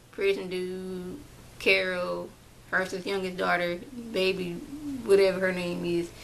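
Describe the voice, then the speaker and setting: A woman recapping a TV episode in a chatty, animated way, now and then acting out characters' lines in her own voice. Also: medium pitch, gravelly, a little hiss or hum, low-quality recording. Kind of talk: casual recap.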